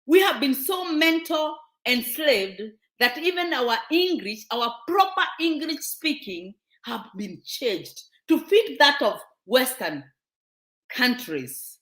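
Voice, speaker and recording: Speaking slowly in a high, sing-song, slightly bright voice, this Kenyan-accented woman lectures her show's viewers with fervor, scolding them through one rhetorical question after another. It's recorded in an echoey room.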